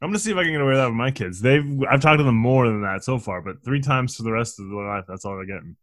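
A man in his thirties co-hosting a casual movie podcast, tossing out deadpan jokes and asides. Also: medium pitch, fast, no echo. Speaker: podcast co-host.

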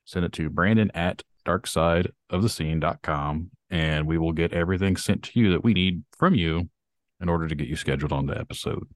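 Speaking briskly, a low-voiced man co-hosts a casual podcast and launches into an earnest, drawling rant. His sound is close and dry with no echo, and the whole thing stays relaxed and conversational.

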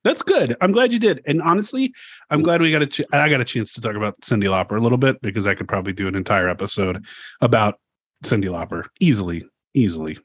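A man's voice: lowish voice, quick pace, a bit bright, breathy edge, no room sound, clean studio sound. A man in his forties co-hosting a casual podcast chat, telling stories animatedly, swearing freely and acting out quotes. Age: 40s. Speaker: podcast co-host.

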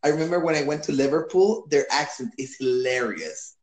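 An easygoing man from Chile hosts a relaxed chat, asking questions and laughing often. His voice sits a little high for a man and rings in an echoey room. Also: brisk. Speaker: podcast host. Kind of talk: casual chat.

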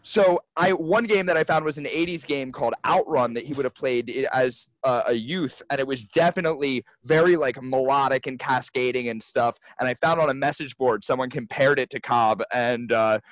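Brief: male podcast co-host, mid pitch, excitable and profane, rambly, dry slightly dull mic. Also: normal speed, hardly any pauses, dry recording. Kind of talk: casual chat.

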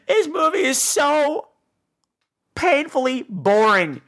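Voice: high voice, big pitch swings, slow, a bit bright. A podcast host giving a casual movie review in a sarcastic, exasperated rant.

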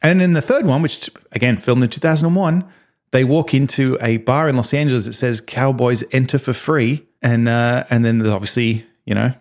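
A man casually chatting on a podcast, retelling movie scenes and acting out the quotes. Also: moderate pace. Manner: animated storyteller, acts out quotes in high voices. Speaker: podcast co-host. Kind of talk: casual chat.

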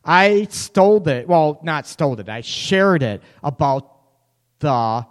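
Male live-show host, playful teaser, slightly high voice, echo-heavy room. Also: expressive, slow. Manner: teasing, laughs often, reads out chat comments. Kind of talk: casual live-stream chat. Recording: echoey room with long reverb.

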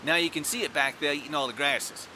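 A man voices a chatty zoo train conductor with a bright, somewhat high voice, rambling through folksy tour patter. A faint hiss sits under the audio-drama recording. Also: fast.

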